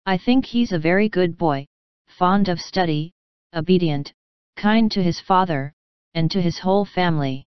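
Storybook: mischievous wooden marionette boy, eager and pleading, voiced by a woman, clear low-ish voice. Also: normal speed, no room sound, dull audio, lightly acted.

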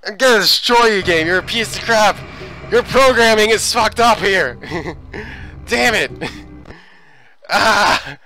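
A man doing gameplay commentary, ranting and swearing at the game, swinging between yelling and hushed muttering. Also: high-pitched, animated, slow, long pauses, faint music behind. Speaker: let's play gamer.

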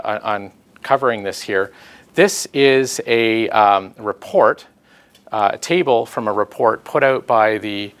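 Halting man presenting research. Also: lowish voice, fairly bright tone. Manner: halting, many fillers and restarts. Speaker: public speaker presenting research. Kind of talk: public talk with slides.

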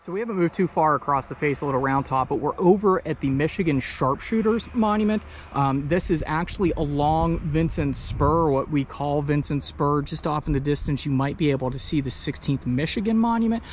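A man explaining history in a measured, matter-of-fact way during an outdoor walking tour on a hillside, recorded on a body-worn action camera. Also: fairly high pitch, slight background noise. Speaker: battlefield tour guide.

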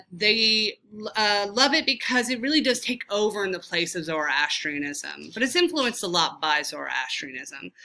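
A woman's voice: fairly low pitch, sharp tone. A woman teacher with a Southern US accent, giving a casual, chatty review lecture and often poking fun at her own pronunciation. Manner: casual, self-deprecating, chatty with fillers.

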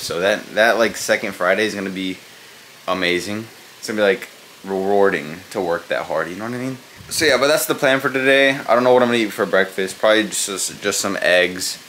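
A man's voice: low-pitched, fairly bright tone, a little hiss or hum. A young man talking casually to his vlog camera, rambling with lots of fillers. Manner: rambling, many fillers like "like" and "you know". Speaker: family vlogger.

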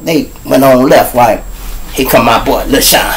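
A man hosting his own show, telling profane street stories in an animated way. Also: medium pitch, a little slow, a little hiss or hum, poor audio. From Chicago. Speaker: show host. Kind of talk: storytelling monologue.

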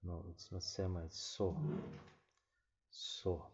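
A man slowly teaching an alphabet letter by letter, pausing and correcting himself as he goes. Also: sits low, little pitch movement, a little mellow, a little hiss or hum. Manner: slow, halting, self-correcting. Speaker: language teacher. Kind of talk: slow letter-by-letter alphabet lesson. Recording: dull lo-fi recording.

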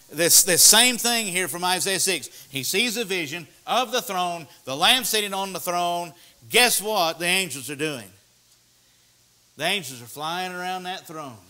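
A man's voice: on the high side, bright, forceful tone. A man preaching a sermon in a church, earnest and repetitive, asking his listeners questions. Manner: earnest, repeats key words, asks the audience questions.

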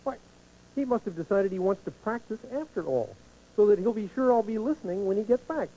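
A man's voice: sits high, expressive, a little fast, dark tone, poor audio. A man voicing Ernie, a cheerful, oblivious male puppet roommate who talks in a sunny, chuckly way in a children's TV puppet sketch.

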